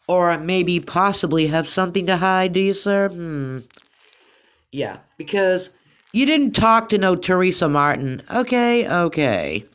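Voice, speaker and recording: A woman talking to her viewers in an emotional commentary monologue, emphatic and repetitive, swinging between quiet and loud stretches. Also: a little high. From United States. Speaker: commentary vlogger.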